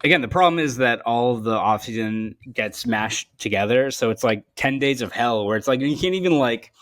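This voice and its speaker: A man's voice: medium pitch, animated, normal speed, fairly bright tone. A young man hosting a sports podcast, chatting casually and often repeating words as he thinks. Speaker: podcast host.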